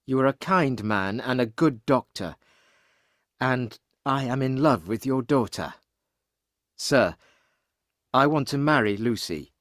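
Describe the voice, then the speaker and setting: A man's voice: medium pitch, lively intonation, takes it slowly, pauses often, fairly bright tone, dry recording, clean studio sound. A man doing an earnest young French suitor.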